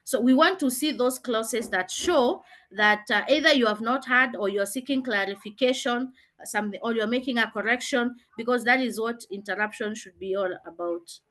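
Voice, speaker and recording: A female teacher leads a classroom revision lesson, stressing key phrases, repeating herself and often pausing on "uh". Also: fairly high pitch, a bit bright. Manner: emphatic, repeats key phrases with frequent "uh" fillers. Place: classroom with students.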